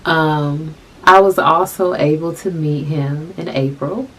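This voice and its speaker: A young adult woman telling a personal story to camera, soft-spoken and halting, often repeating her phrases. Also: deep voice, husky, rough recording. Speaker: vlogger.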